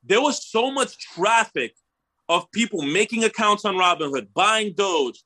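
Animated high-voiced storytelling man. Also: unhurried. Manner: animated, swearing, slangy, repeats "bro" and "right?". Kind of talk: casual storytelling chat.

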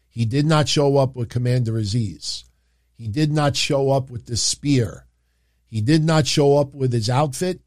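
A man hosting a casual livestream, talking in an excitable, rambling way and jumping into quick impressions. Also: medium pitch, no echo, clean studio sound. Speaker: wrestling show host.

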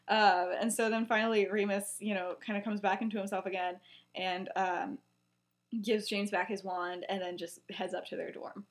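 A woman's voice: medium pitch, level tone, moderate pace. A young woman co-hosting a podcast, casually retelling a story with many fillers and acting out the quoted lines. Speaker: podcast co-host.

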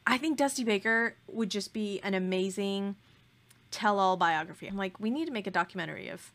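A woman's voice: mid-range voice, a little fast, a bit bright. Gushing, emphatic woman podcast co-host. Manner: gushing, emphatic, playful exaggeration. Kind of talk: casual chat.

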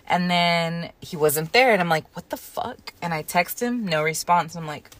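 A young adult woman co-hosting a podcast, telling a story in a casual, animated and profane way. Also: lowish voice, normal speed. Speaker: podcast co-host. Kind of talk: casual chat.

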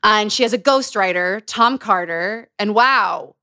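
A woman's voice: mid-range voice, measured pace, sharp tone, clear, resonant tone, no room sound, studio quality. A woman hosting a podcast in casual chat, chatty and bubbly, laughing often. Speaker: podcast host.

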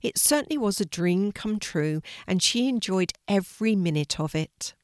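An older woman reading a children's story aloud in a gentle storytelling manner. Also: medium pitch, expressive, normal speed, no room sound, studio quality.

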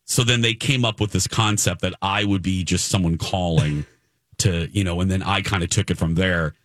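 A male radio host talking into a studio mic with a lowish voice. His talk is relaxed and chatty, and he often breaks into a laugh. The sound is dry and close. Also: normal speed, no echo. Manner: chatty, laughs easily, tells stories. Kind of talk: casual on-air chat. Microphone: studio microphone.

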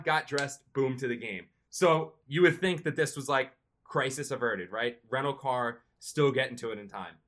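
Bright-voiced young man telling a story. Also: medium pitch. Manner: animated, jumps into excited quoted self-talk. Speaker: podcast co-host. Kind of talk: casual storytelling.

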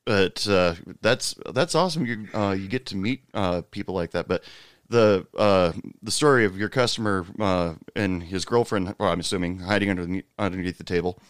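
Man with a low voice, talks in a hesitant way with lots of fillers, recorded dry and close. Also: moderate pace, clean tone, no room sound. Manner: hesitant, many fillers, laughs easily. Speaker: former bartender. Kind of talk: casual chat.

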